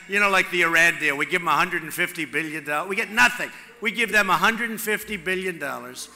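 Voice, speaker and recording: A man speaks at a podium in a large rally hall, his high, piercing voice ringing out with a long reverb. He rambles boastfully and repeats himself, now shouting, now dropping to a hush. The sound is bright and sharp. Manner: repetitive, boastful, off-the-cuff; swings from loud shouting to hushed asides. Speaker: political candidate at a rally. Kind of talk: campaign rally speech. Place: large rally venue with crowd.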